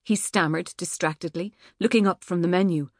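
A woman's voice: on the low side, a little fast, darkish tone, no echo, clean studio sound. Woman narrating an audiobook. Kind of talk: scripted narration. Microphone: studio microphone.

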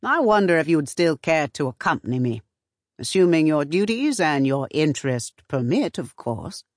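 A woman reader voicing a slight, courteous male banker and librarian who speaks in a soft, modulated, polite tone. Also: on the high side, big pitch swings, moderate pace, dry recording, clean studio sound.

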